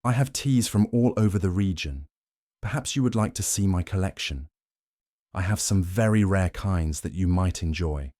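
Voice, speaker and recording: A man's voice: sits low, normal speed, warm tone, no room sound, studio quality, natural voice. A man voicing a busy, restless male tea merchant in a sleep story, polite and businesslike.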